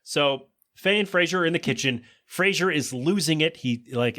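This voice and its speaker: A man hosting a podcast, recapping a sitcom episode in a casual, joking way and quickly voicing the characters' lines. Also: on the high side, lively intonation, sharp tone. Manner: chatty, joking asides, quick quoted voices of characters. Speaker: podcast host.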